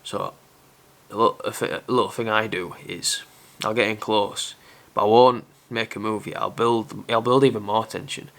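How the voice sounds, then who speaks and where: A young man with a fairly low voice gives frank dating advice straight to camera. His talk is loose and chatty, candid and a little self-aware. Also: fairly even intonation, moderate pace, gravelly, a bit bright. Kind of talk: casual advice monologue to camera.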